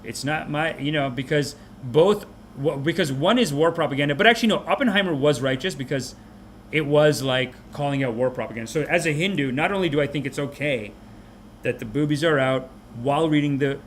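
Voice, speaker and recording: A man with a somewhat high voice rants through a comic movie review on his podcast. He talks in an animated, mocking way, and a faint hiss sits under the recording. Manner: animated, mocking, puts on quick character voices. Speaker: podcast host.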